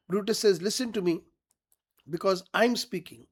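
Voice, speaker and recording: A man's voice: high voice, normal speed, husky. A man teaching a literature lesson, reading each quoted line and then paraphrasing it plainly, often checking whether his students follow.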